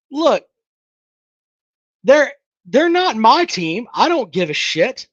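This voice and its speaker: A man's voice: extremely high pitch, sing-song, slow pace, long pauses, dry recording, muffled recording. A man hosting a casual sports talk livestream, reading chat comments and mocking them bluntly with plenty of swearing. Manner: blunt, sarcastic, swears freely, mocks callers' takes.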